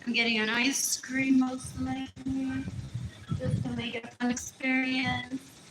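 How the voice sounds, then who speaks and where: A woman's voice: high voice, flat delivery, a little slow, music in the background. A woman talking alone on a phone livestream in a rambling way, repeating phrases and sometimes dropping to a whisper. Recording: echoey room with clear background noise.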